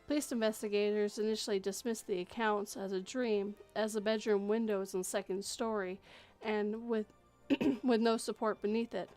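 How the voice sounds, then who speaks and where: A woman reading the lines of a male police sergeant who gives a measured, matter-of-fact report. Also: medium pitch, fairly even intonation, a little mellow, faint music behind, natural voice. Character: stern male police sergeant giving a statement.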